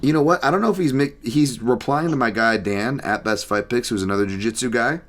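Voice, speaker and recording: A man hosting a podcast, chatting casually about martial arts and reading listener picks, animated and quick to laugh. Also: medium pitch. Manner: animated, laughs often, joking. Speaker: podcast host.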